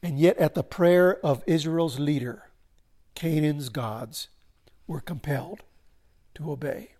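Man, pastor, sermon delivery, fairly high pitch, emphatic, solemn pauses. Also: mellow. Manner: preaching with swelling emphasis and slow solemn pauses.

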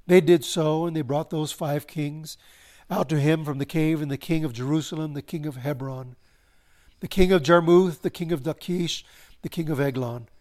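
A man preaching a sermon, swelling to emphasis and slowing into solemn pauses. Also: a little high, steady tone, darkish tone. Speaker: pastor.

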